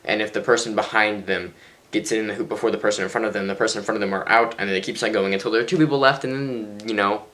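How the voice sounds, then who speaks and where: In a rapid-fire, steady, fairly bright voice pitched fairly low, a tired teen boy chats his way through a casual daily vlog in his bedroom. He rambles a lot and keeps making fun of himself.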